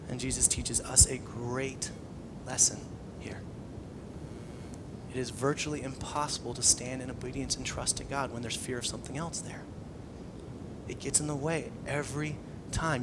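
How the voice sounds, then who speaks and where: A man's voice: on the high side, noisy background. A man preaching a conversational sermon, acting out scenes with lots of energy. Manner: conversational, animated, acts out scenes. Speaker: pastor.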